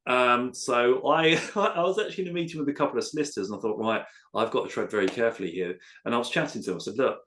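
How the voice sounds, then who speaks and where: A man, a letting agent, telling a workplace anecdote in a casual, animated way and acting out quotes. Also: mid-range voice, fast talker, hardly any pauses. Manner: animated storyteller, acts out quotes.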